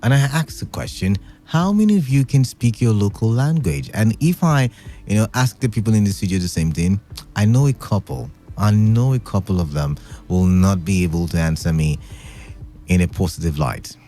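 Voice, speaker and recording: A man's voice: fairly low pitch, expressive, moderate pace, dark tone, soft background music. A man hosting an evening radio show in a studio, chatty and playful, rambling with lots of fillers. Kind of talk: casual radio talk. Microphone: studio microphone.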